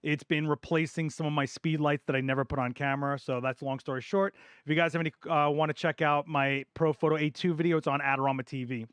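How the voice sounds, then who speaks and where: A middle-aged man hosting a live photography Q&A stream, talking passionately and emphatically, repeating words for stress, his voice going a bit hoarse. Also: on the high side, steady tone, fast talker, few pauses, fairly bright tone, no room sound, studio quality. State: voice getting hoarse. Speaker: photography channel host. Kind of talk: live Q&A stream, opinion rant.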